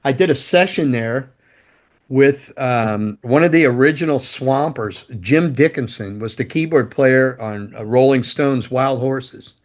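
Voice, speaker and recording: A former guitar tech and roadie tells casual stories as a guest, loose and profane, swearing freely, laughing mid-story and acting out other people's lines. His voice is medium in pitch and a little slow.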